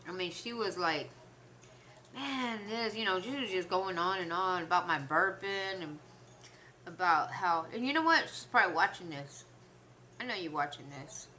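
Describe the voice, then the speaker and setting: Bright-voiced woman chatting while she eats. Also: lowish voice, lively intonation, normal speed, a little hiss or hum. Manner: rambling, chatty storytelling; talks between bites, trails off. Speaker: mukbang vlogger. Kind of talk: casual chat while eating.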